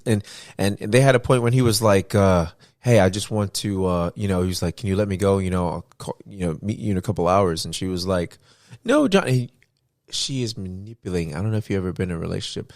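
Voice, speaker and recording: A man with a fairly low voice co-hosts a podcast, recorded dry and close on a studio mic. He talks in a rambling, animated way, restarting his sentences as he retells events. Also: fast talker, no room sound. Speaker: podcast co-host. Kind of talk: casual podcast chat.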